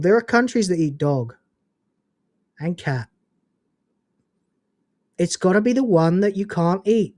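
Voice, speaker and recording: A man's voice: sits high, a little mellow, no room sound, studio quality. A man hosting a casual livestream, ranting in a profane, incredulous way and reading out donations. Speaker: livestream host.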